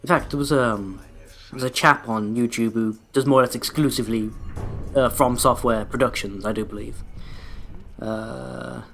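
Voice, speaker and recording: A man's voice: medium pitch, steady tone, moderate pace, gravelly, fairly bright tone, faint music behind. A young man rambling through casual gameplay commentary as a let's play host, with dry, self-deprecating jokes aimed at his viewers.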